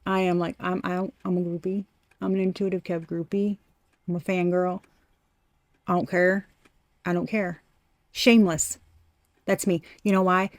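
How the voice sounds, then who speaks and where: A woman's voice: lowish voice, little pitch movement, moderate pace, pauses often, dry recording. A woman giving a casual tarot reading straight to the viewer. She is blunt and swears freely, and she repeats phrases for emphasis. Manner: talks straight to the viewer as "you". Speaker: tarot card reader.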